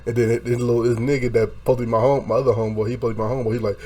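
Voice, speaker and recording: Animated, laughing young man telling a story. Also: mid-range voice, very fast. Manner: animated, profane, laughing, acts out quotes. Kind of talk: casual storytelling chat.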